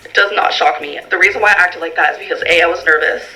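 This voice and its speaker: A woman's voice: fairly low pitch, fast talker, sharp tone, rough recording. A woman answering viewer questions in a casual vlog, rambling with lots of fillers and reading the questions aloud. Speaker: vlogger.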